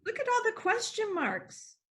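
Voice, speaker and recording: A woman with a high, bright voice that swoops widely as she reads to young children. She talks slowly, with exaggerated expression. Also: huge pitch swings. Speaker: teacher. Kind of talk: scripted reading lesson for young children.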